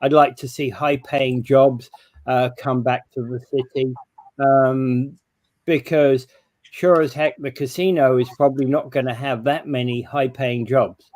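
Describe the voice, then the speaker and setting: A man co-hosting a local talk show in casual chat, with an agreeable manner, quick to chime in with affirmations. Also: medium pitch, fairly even intonation, darkish tone, no echo.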